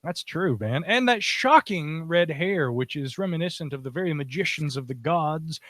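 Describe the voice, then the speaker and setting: A chatty man, hosting a laid-back podcast and spinning jokes and yarns full of "you know"s. His voice sits a touch high for a man, and the sound is dry and close to the mic. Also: animated, moderate pace, a bit bright, no echo. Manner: jokey, storytelling with many fillers. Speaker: podcast host. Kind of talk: casual chat.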